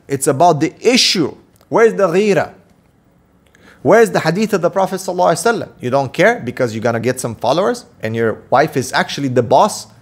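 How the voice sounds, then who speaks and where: Fiery man preaching a scolding sermon. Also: on the high side. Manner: scolding, fiery, full of rhetorical questions. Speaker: Islamic preacher and counselor. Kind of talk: impassioned preaching monologue.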